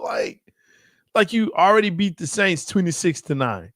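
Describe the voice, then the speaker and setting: Lively, teasing man on a sports podcast. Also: high-pitched, slow pace, gravelly, pauses often, dry recording, studio quality. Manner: teasing, laughs often, animated. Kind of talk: casual sports debate.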